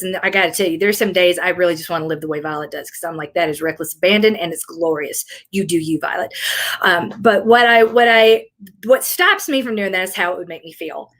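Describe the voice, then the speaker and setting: A woman's voice: medium pitch, a bit bright. A middle-aged woman from rural Tennessee with a Southern accent, chatting casually and rambling a little as a fitness coach in a live Q&A. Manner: chatty, rambling, self-deprecating.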